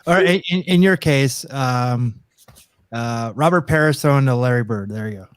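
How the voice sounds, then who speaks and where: A man chatting casually, with quick asides in the middle of his sentences. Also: medium pitch, clear, resonant tone, no room sound. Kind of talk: casual chat.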